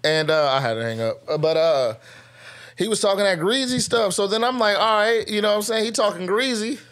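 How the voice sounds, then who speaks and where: A young man tells a story on a podcast with lots of energy, slipping into shouted impressions and laughing. His voice sits a bit high for a man, and he's speaking right up on a close studio mic. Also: brisk. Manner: lively, acts out drill sergeants and shouts, laughs often. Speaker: podcast guest, army veteran. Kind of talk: animated storytelling.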